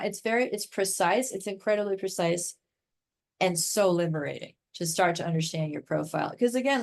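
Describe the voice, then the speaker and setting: Chatty American woman with a lowish voice. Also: vocal fry. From United States. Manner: enthusiastic, talks in long chatty runs full of "like" and "right?". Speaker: guest expert in human design. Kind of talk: casual podcast interview.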